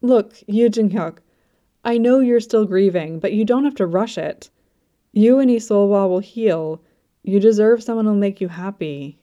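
A woman's voice: mid-range voice, a little slow, highs cut off, natural voice. A woman voicing an anxious, self-doubting young man in a storybook reading, flustered and pleading.

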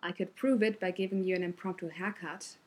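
A woman voicing a sharp-tongued young male ninja teacher, dry and scathing. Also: on the low side, steady tone, brisk, lightly acted.

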